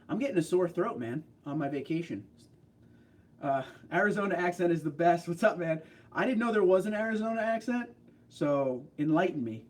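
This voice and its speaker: A man from New York hosts a livestream, chatting and joking as he reads out viewer comments. His New York accent runs through his speech, and his voice sits a touch higher than most men's. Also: lively intonation, moderate pace. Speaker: livestream host. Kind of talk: casual livestream chat, reading comments.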